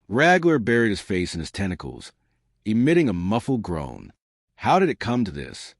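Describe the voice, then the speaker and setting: A man's voice: lowish voice, wildly swooping pitch, moderate pace, no echo, clean studio sound. A man telling a comic sci-fi story in wry, scripted narration.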